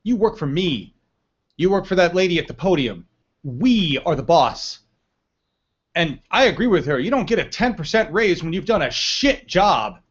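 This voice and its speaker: A man's voice: sits high, dull audio. A man giving blunt, profane political commentary on a live stream.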